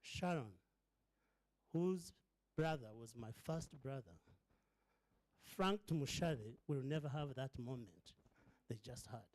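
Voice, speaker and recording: A man's voice: mid-range voice, slow, long pauses, darkish tone, low-quality recording. A middle-aged man, giving an impassioned fundraising speech as the founder of a charity, speaking like a preacher at a hotel breakfast event. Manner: preacher-like, building to fervent emphasis and repetition.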